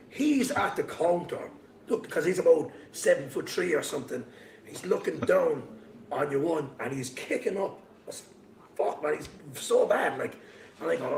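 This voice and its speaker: A man's voice: fairly high pitch, lively intonation, moderate pace, creaky, reverberant, distant mic. A man with an Irish accent hosting a casual chat, telling funny stories with swearing and laughter. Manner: anecdotal, swearing, laughing storyteller. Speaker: host.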